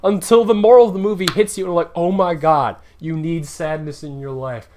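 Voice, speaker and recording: A man's voice: fast talker, slight background noise. A man giving a casual, opinionated movie countdown, blunt and ranting, his voice jumping up when he gets worked up. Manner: animated, swings up and down in pitch when worked up. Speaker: movie reviewer.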